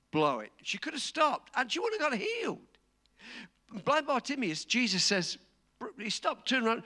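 A man preaching a sermon, dramatic and storytelling, acting out quotes and rising to shouts. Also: extremely high pitch, wildly swooping pitch, normal speed.

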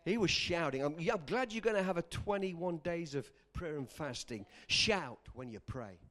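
A man preaching a sermon, animated and bursting into shouts at moments of emphasis. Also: a little high, moderate pace.

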